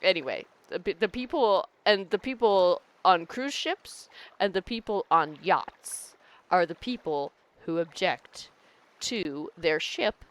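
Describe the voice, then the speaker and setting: A woman's voice: lowish voice, expressive, takes it slowly. A woman game streamer talking in casual live-stream chat, rambling and laughing often.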